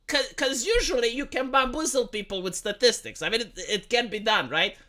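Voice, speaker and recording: A man ranting on a live stream in a bright, sharp voice that swings widely in pitch. He swears freely and stumbles over repeated words. He keeps throwing rhetorical questions at his audience. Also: expressive, brisk. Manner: profane, heated, stammers and repeats words; argumentative, asks rhetorical questions. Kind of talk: casual political rant on a live stream.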